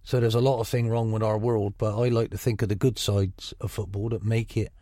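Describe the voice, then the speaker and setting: A man's voice: lowish voice, flat delivery, a little fast, mellow, dry recording, clean studio sound. A middle-aged football manager with a Gloucestershire burr, talking frankly in a radio interview, often restarting his sentences. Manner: frank, chatty, many restarts.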